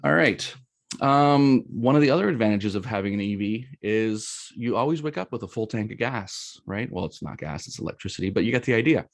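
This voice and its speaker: Chatty Canadian man, low voice. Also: lively intonation, fairly quick, creaky, dry recording, studio quality. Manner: chatty, storytelling, lots of fillers and "right?". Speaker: presenter. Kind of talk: casual presentation.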